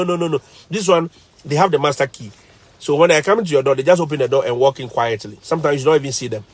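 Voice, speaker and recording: A man with a Ghanaian English accent, a teacher, casually telling stories to live viewers in an animated, emphatic way, repeating phrases for effect. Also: mid-range voice, no room sound.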